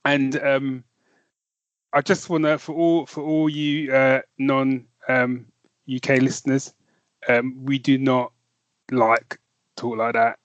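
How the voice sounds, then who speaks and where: A man's voice: mid-range voice, level tone, takes it slowly, pauses often, dry recording, muffled recording. A man with a North London accent co-hosting a podcast, chatting casually and enthusiastically, with many fillers and restarts. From North London, England. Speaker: podcast co-host. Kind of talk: casual chat.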